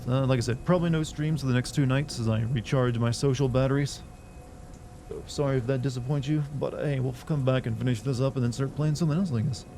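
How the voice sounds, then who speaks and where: Tired, mellow-voiced male streamer. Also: medium pitch, slight background noise. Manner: relaxed and drowsy, thanking chat at length. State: tired, yawning. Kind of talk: casual chat.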